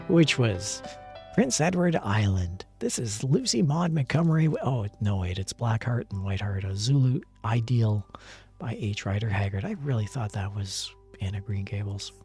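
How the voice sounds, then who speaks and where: A man streaming casually, his gravelly voice swinging widely in pitch as he laughs and rambles. He reads viewer messages aloud and pokes fun at his own mistakes, with faint music playing behind him. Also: expressive, normal speed, dark tone. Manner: self-deprecating, rambling. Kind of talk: casual live-stream chat.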